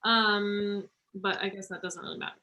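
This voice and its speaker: A woman tutoring students through a math problem online, encouraging them and talking through each step slowly. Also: mid-range voice, little pitch movement, heavy background noise.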